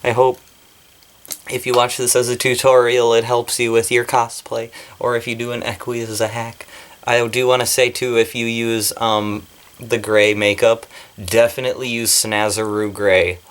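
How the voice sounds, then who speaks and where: A man vlogging about his cosplay from a corner of his small bedroom, excitable and giggly, with a slight lisp. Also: medium pitch, moderate pace. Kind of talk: casual vlog.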